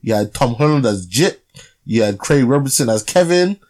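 A man's voice: medium pitch, lively intonation, moderate pace, a little mellow. A young man co-hosting a podcast, chatting casually about a film with lots of fillers and tag questions. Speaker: podcast co-host. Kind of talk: casual film review chat.

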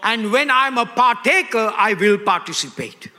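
A man's voice: sits high, lively intonation, moderate pace, bright, forceful tone. Emphatic older male preacher in an echoey hall. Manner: emphatic, call-and-response questions. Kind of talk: sermon.

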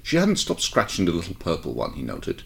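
Low-voiced man narrating a story. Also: wildly swooping pitch, brisk, gravelly, fairly bright tone. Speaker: fan fiction reader. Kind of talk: casual read-aloud narration.

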